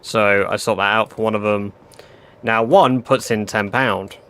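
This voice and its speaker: A man's voice: on the low side, steady tone, measured pace, fairly bright tone, a little hiss or hum. A young man telling a casual story to his live stream viewers, chatty and full of fillers and swearing.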